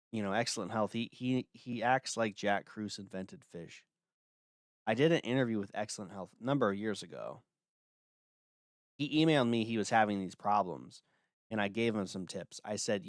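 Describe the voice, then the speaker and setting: A man's voice: on the low side, no echo, studio quality. A man hosting a livestream, talking casually in a blunt, dismissive way with lots of filler words. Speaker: livestream host.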